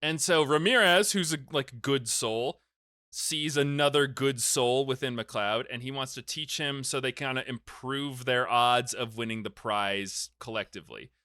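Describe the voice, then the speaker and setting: A male podcast host recaps a film in casual, animated chat. He jokes and gets mock-angry easily. His voice is bright and forward, recorded dry and close. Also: mid-range voice, measured pace, no echo. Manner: animated and joking, easily worked up.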